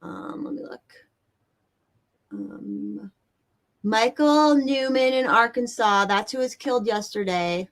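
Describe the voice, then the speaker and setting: Speaking slowly with long pauses, a woman with a fairly high voice hosts a livestream by a bright window indoors. She reads comments from viewers and rants in a profane, excitable way, laughing nervously.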